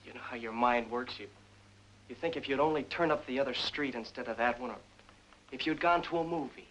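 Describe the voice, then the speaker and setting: A man's voice: medium pitch, brisk, a bit bright, a little hiss or hum, close to an everyday voice, poor audio. An actor playing a rueful, guilt-ridden policeman who talks in a subdued, brooding way. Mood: remorseful. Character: guilt-ridden young cop who killed a bystander.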